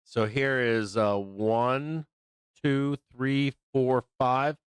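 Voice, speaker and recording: A man's voice: mid-range voice, fairly even intonation, drawn-out words, clean tone, dry recording. A middle-aged man hosting a live trading stream, chatting casually in a blunt, profane way and laughing often. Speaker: live trading show host. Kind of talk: casual livestream chat.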